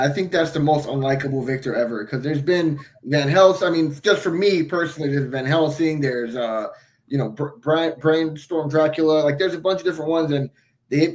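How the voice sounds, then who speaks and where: Easygoing man film reviewer. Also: a little high. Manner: easygoing, agreeable, halting with fillers. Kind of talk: casual film discussion.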